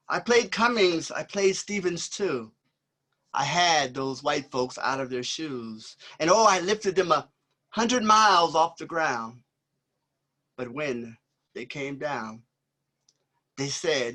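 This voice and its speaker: Older man, bright and slightly high voice, rhythmic spoken-word poet on a video call. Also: animated, slow. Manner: rhythmic, swinging delivery with many ums between poems. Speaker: performing poet. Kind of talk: spoken-word poetry reading. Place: home, indoors.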